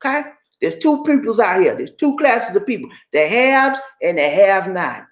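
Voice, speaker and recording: A man's voice: high-pitched, sing-song, normal speed. A man from Georgia, bluntly lecturing and chatting with viewers as a livestream host. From Georgia, USA. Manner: blunt, preachy, colloquial. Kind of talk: casual livestream chat. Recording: echoey room.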